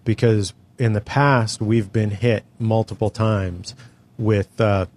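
A man's voice: on the low side, steady tone, slow, darkish tone. A middle-aged man from California telling a long story in casual chat, exasperated and full of profanity. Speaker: podcast co-host telling a story.

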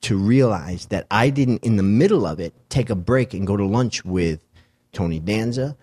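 A man's voice: fairly low pitch, lively intonation, moderate pace, mellow, slightly rough, dry recording. A middle-aged man telling a wild story in casual chat, swearing and acting out the voices of the people in it. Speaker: guest.

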